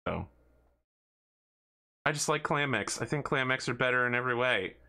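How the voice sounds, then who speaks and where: A man running a tabletop game as game master, telling stories in an animated, jokey way. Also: mid-range voice, moderate pace, gravelly, clean tone. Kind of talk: tabletop game narration, casual chat.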